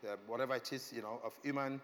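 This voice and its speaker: A middle-aged man preaching a sermon with passion, swinging from soft reflective lines to loud exclamations. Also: medium pitch, fairly even intonation, fast talker, a little hiss or hum. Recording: long hall reverb, faint ambience.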